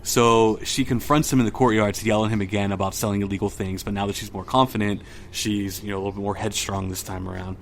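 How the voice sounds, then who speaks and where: A man's voice: on the low side, fairly even intonation, fast, few pauses, slight background noise. A young adult man hosting a pop culture podcast, talking casually with frequent fillers and reading film dialogue aloud. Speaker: podcast host.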